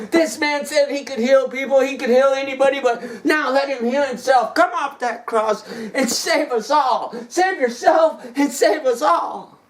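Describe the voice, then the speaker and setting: Brief: a taunting execution crowd, loud jeers, as a preacher puts them on. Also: high voice. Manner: jeering, shouted taunts.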